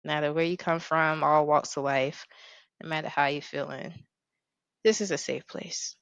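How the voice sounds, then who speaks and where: A woman's voice: fairly even intonation, moderate pace, dry recording. Playful woman podcast host, dry sound. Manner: playful, bubbly, jumps into sudden high emphasis. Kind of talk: casual podcast chat.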